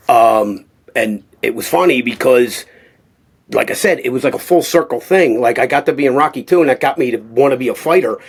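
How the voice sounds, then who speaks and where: Middle-aged Philly guy, husky, rambling and animated, mid-pitched. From Philadelphia. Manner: animated, rambling, acts out quotes. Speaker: guest, boxing cutman. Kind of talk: casual storytelling interview.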